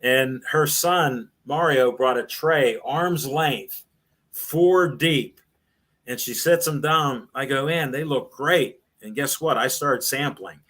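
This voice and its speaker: A man's voice: medium pitch, takes it slowly, fairly bright tone. An older man, a former sports radio host, telling rambling anecdotes in an interview and acting out the voices of the people he quotes. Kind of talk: storytelling in a casual interview.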